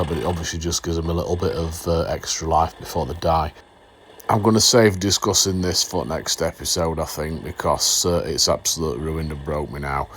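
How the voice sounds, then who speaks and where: A man, rambling casually with jokes and fillers as he narrates his model railway. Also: low-pitched. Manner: rambling, jokey, lots of fillers. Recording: noisy background ambience.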